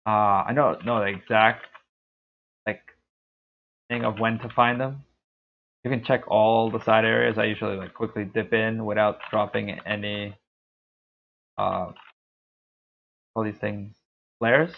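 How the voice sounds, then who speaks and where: A young man streaming a game, talking through his play in a laid-back, rambling way with a deep, dark voice. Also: little pitch movement, measured pace, creaky, long pauses, a little hiss or hum. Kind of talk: casual gameplay commentary. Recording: tinny lo-fi stream mic.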